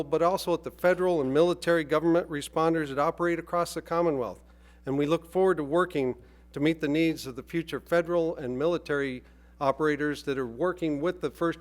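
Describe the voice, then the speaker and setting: A man giving a formal, measured speech at a press event, with a few hesitations. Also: on the high side. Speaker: executive speaking at a press event. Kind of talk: public speech at a podium.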